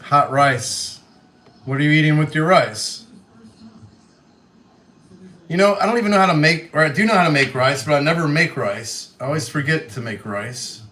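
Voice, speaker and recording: A man's voice: on the high side, expressive, normal speed, pauses often. A man in his thirties from Western Kentucky with a light Kentucky accent, chatting casually on a livestream while cooking and reading out viewer comments. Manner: chatty, reads out viewer comments, soft-spoken. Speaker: livestream host.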